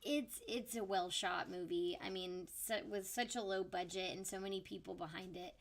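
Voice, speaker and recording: A woman co-hosting a casual podcast, talking in halting bursts with lots of fillers. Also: medium pitch, fairly even intonation. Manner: halting, filler-heavy speech. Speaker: podcast co-host. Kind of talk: casual stream chat.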